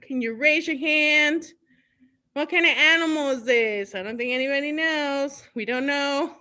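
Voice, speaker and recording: A woman's voice: high-pitched, a little slow, sharp tone. A woman hosting an online children's storytime, cheerfully singing songs and mixing in Spanish words. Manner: cheerful, sings along, mixes in Spanish words. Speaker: library storytime host.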